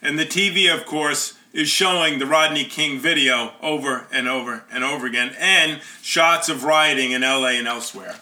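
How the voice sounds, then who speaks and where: A man's voice: medium pitch, normal speed, hardly any pauses, sharp tone. A man telling a personal story in an earnest, conversational way.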